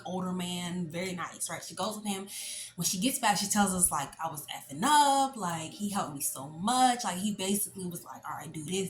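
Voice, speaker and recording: A woman in her late twenties telling a story in a casual, animated, chatty way, full of fillers. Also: fairly low pitch, a little hiss or hum. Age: late 20s. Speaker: vlogger. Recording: echoey room with faint ambience.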